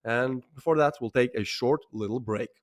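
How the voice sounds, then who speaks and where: A male esports commentator with a mid-range voice, speaking on a headset mic. He recaps the play in a loose, conversational manner and pauses now and then on small hesitations. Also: mid-range voice. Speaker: esports caster. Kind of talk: live match commentary.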